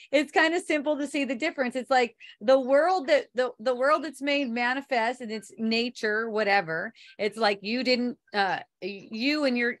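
A woman with a slightly high voice leads a relaxed online spiritual talk. She rambles loosely, laughs often and swears casually. Now and then she reads viewer comments aloud.

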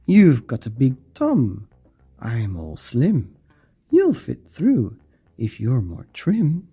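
A tiny, brave young storybook girl chants her teasing rhymes in a sing-song lilt, put on by a male reader. The voice stays dark and a little husky, with a slow, swooping delivery. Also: rumbling low, big pitch swings, faint music behind, full character voice. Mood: taunting.

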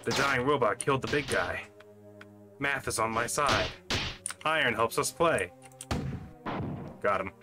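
A man gives running commentary while he plays a shooter, his voice sitting at an ordinary middle pitch. He jokes and mutters to himself as the action unfolds. Clear game music plays behind his voice. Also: a little slow, pauses often. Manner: playful, jokey, talking to himself while playing. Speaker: gaming channel host. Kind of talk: let's play commentary.

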